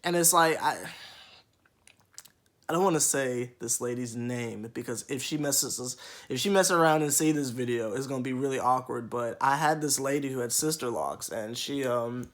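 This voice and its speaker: A man's voice: medium pitch, normal speed, a bit bright. A young man vlogging casually to camera, rambling with many restarts and mock-quoting other people. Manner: rambling, with repeated restarts and mocking quoted voices.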